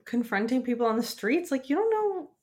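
A woman's voice: high voice, sing-song, brisk, a little mellow. Easygoing Canadian woman. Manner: easygoing, hesitant, trails off with laughs. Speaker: podcast co-host. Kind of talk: casual chat.

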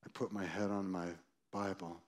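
A man in his sixties, a pastor, telling a personal story in a sermon, acting out voices loudly and then dropping low and quiet. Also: flat delivery, moderate pace.

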